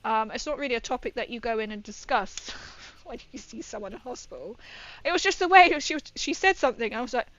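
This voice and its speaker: A woman's voice: on the high side, expressive, a little fast, fairly bright tone, lo-fi sound. A young woman chatting casually on a livestream while building a model, rambling and often laughing.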